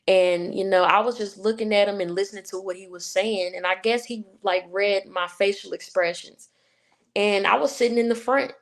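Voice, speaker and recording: Interview guest: woman, Southern Virginia accent, chatty and rambling, mid pitch. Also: steady tone, normal speed. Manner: chatty storyteller, many fillers like "you know". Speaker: guest, sports writer and podcast host. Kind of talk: casual interview chat.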